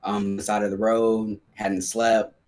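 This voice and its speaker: A man's voice: fairly low pitch, level tone, measured pace, a little mellow. A man guesting on a podcast, telling a personal story in a casual, slangy way full of fillers.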